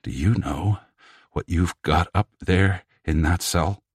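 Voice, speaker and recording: A man's voice: sits low, slow, husky, dry recording, studio quality, exaggerated voice. A man voicing a startled middle-aged language scholar who speaks in a quavering, amazed way.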